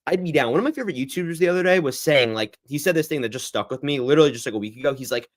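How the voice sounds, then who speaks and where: A young man hosting a casual livestream Q&A, rambling and reacting to the chat in a lively, chatty way. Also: a little high, racing. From United States. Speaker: livestream host.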